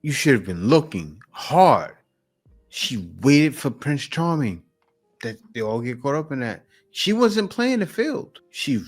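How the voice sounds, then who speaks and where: Casting: male reaction host, blunt and opinionated, lively pitch, faint music under him. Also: unhurried. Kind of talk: casual commentary.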